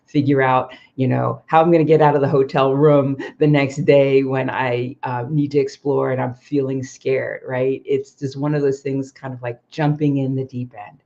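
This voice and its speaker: This livestream host and expat coach has a bass voice that's creaky and mellow, with a level tone, moderate pace and few pauses. She tells personal stories chattily, with frequent ums and self-corrections, and the stream's audio comes across slightly muffled.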